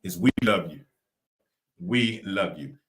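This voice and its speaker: A man's voice: deep voice, takes it slowly, poor audio. A man with a Southern US accent co-hosting a live podcast, talking in a repetitive, preacher-like cadence. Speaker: podcast co-host.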